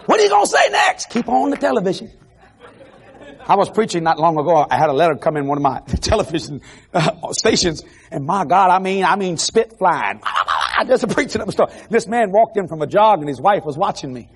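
A man preaching an animated evangelical sermon to a congregation on television, laughing and shouting asides as he goes. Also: fairly high pitch, fairly quick, slightly rough. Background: faint congregation crowd.

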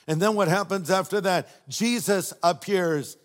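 An older man preaches a sermon with warm storytelling and playful asides. His voice sits a bit high for a man. It carries a long reverb from a large hall or church. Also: unhurried. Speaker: pastor.

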